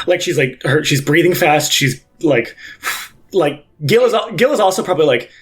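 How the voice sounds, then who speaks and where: A man's voice: on the high side, animated, normal speed, fairly bright tone. Rambling young man running a tabletop game. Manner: rambling, full of "like" fillers. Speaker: game master. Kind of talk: improvised tabletop game narration.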